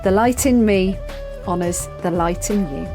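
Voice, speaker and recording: A woman's voice: mid-range voice, a little slow. Heartfelt woman podcast host over music. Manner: warm, heartfelt, gushing. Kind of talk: interview and scripted outro.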